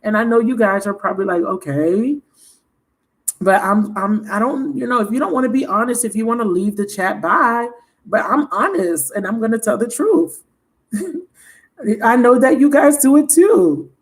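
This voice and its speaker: Woman doing a tarot livestream, talks real frank and lively, cusses a lot, laughs a bunch, voice kinda high. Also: moderate pace, poor audio. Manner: frank and animated, swears freely, laughs often. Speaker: tarot reader and channel host. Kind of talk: candid livestream chat.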